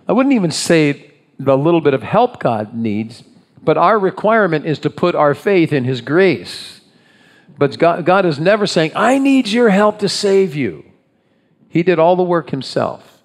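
A man's voice: a little high, animated, moderate pace. A man leading a congregation in prayer and then preaching a sermon, asking the listeners questions as he goes. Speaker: pastor.

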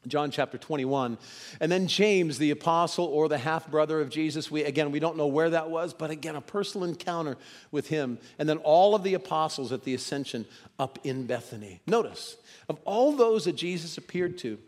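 Guy preaching a sermon, goes loud then real quiet for drama, slightly high voice, big echoey hall. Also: fairly quick. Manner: dramatic, shifts between loud emphasis and hushed near-whisper voicing of quotes.

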